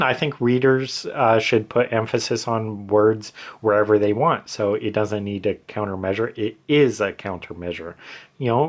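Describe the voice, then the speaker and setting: A man in casual talk, explaining changes he made to his writing, rambling with many fillers and restarts. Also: on the low side. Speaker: author explaining his edits.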